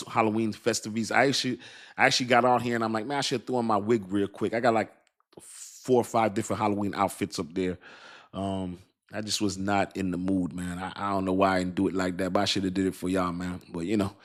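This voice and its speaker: A middle-aged American man hosting a casual crypto livestream, chatting with viewers in relaxed slang and laughing often. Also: lowish voice. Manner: laid-back slangy talk, frequent laughs.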